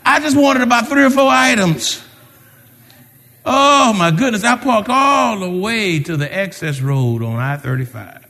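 A pastor preaching a lively sermon, calling out to the congregation and driving his points with sudden raised emphasis. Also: high voice, moderate pace, husky, big-room sound.

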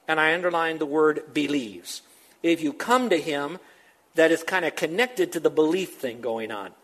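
An older male pastor delivering a sermon. His voice sits a little high for a man. He hammers his points with quick runs of repeated words and then falls to a near hush. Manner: emphatic, with fast repeated phrases and sudden drops to a hush.

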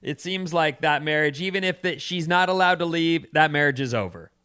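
Guy cohosting a radio show, bright kinda sharp voice pitched a bit high, chatty about the news. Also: expressive, fairly quick, clean tone. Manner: chatty, reads out news stories. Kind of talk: casual chat.

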